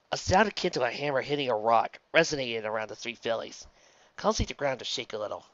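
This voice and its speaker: A wry, animated reader narrating a fan story aloud, on a dull lo-fi recording. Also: medium pitch, quick pace, no room sound.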